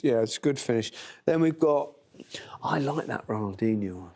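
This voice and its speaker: A middle-aged man hosting a casual football chat, telling stories and laughing loudly. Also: mid-range voice, animated, normal speed, vocal fry. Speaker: host.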